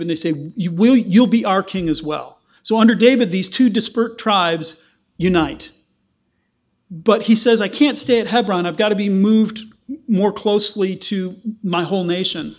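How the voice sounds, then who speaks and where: Male preacher, fairly high voice, animated Bible teaching that acts out the quotes.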